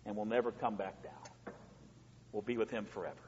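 A man's voice: fairly low pitch, steady tone, fairly quick, slight background noise. A male pastor preaching a sermon in a church, folksy and repetitive, building up to rhythmic lists. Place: church sanctuary. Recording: long hall reverb, dull lo-fi sound.

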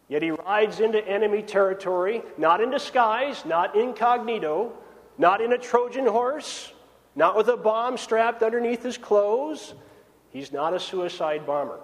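A man preaching a sermon, swinging between raised emphasis and hushed, drawn-out phrases. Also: high voice. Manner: dramatic swings from loud to hushed. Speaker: pastor. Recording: long reverb of a large hall.

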